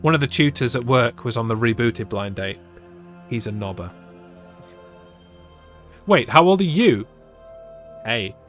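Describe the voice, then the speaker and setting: A man's voice: mid-range voice, fairly bright tone. Playful man telling a spooky story. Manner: playful, teasing and self-mocking. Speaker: streamer and storyteller. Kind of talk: live-streamed interactive story reading with chat banter.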